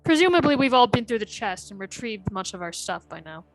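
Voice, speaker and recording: A woman's voice: medium pitch, big pitch swings, a little fast, low-quality recording. Woman player, mid voice, casual chatty, faint music in back. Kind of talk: tabletop role-play.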